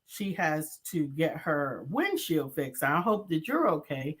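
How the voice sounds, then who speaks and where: A woman's voice: deep voice, big pitch swings, measured pace, husky. A woman co-hosting a casual morning show, playful and teasing, laughing often with her partner. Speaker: co-host.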